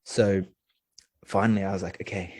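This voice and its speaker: A man's voice: on the low side, little pitch movement, normal speed, darkish tone, dry recording. A young man, a podcast guest, eagerly telling a rambling story full of fillers. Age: young adult. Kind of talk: casual storytelling.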